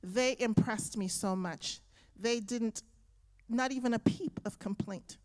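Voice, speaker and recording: A woman's voice: fairly high pitch, takes it slowly, a little mellow. A woman from a school giving an earnest, grateful testimony to a congregation about a student mission trip. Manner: earnest and grateful, moved by the memory. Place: church sanctuary.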